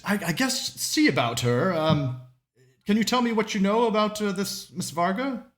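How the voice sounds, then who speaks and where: A man's voice: sits high, expressive, moderate pace, a bit bright, pitched above the performer's own voice. A man putting on a courteous, old-money patriarch with a raised, polite voice. He is formal and careful about propriety, stammering and repeating words as he speaks. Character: wealthy older male timber magnate, proper.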